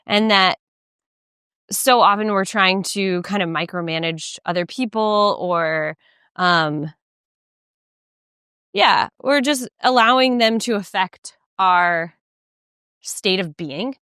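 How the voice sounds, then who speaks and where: A woman co-hosting a podcast rambles casually through a story with lots of fillers while walking outdoors by a lake. Her medium-pitched voice is pushed, bright, and smooth, slow with frequent pauses, and the recording is studio quality with no room sound.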